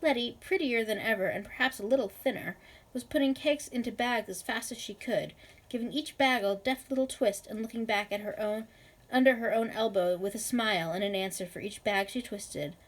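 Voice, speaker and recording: A woman's voice: a little high, brisk, low-quality recording. Woman reading a novel aloud. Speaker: reader.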